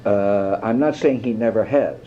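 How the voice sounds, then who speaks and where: An older man, a guest actor, telling lively stories in an interview, swearing freely and mimicking others. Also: fairly low pitch, normal speed. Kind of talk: anecdotal interview. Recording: dull lo-fi tape with faint hiss.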